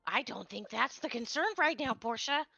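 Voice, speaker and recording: A woman's voice: on the high side, moderate pace, gravelly, sharp tone, husky, no echo, dull audio, soft background music. A woman playing a tabletop game, dry and teasing. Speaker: player. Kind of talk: in-character tabletop play.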